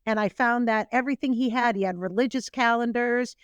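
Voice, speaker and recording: Sincere woman co-host, higher smooth voice. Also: a little fast, no echo. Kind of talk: conversational interview.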